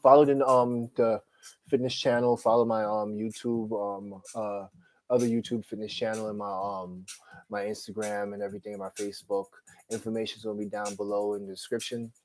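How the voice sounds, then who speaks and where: A man's voice: fairly low pitch, level tone, normal speed, poor audio. A man hosting a podcast live stream, chatting casually and rambling with many "um" fillers, sounding tired. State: tired, yawning. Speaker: podcast host.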